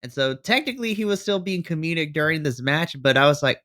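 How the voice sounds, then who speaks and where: Bright-toned excitable American podcast man. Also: a little high, quick pace. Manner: enthusiastic, excitable recapping. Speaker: podcast co-host. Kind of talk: casual wrestling recap.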